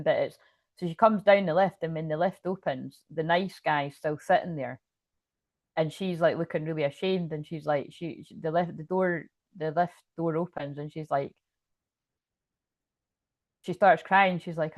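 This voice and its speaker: Woman tarot reader, rambling and swearing, lower voice, close dry sound. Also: a little slow, no echo. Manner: rambling, swears freely, many fillers. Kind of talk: casual channeled reading.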